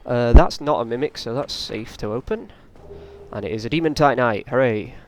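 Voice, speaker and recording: A man's voice: mid-range voice, brisk, a little mellow, a little hiss or hum. A man doing casual, rambling let's play commentary, often taunting the enemies on screen. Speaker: gaming channel host.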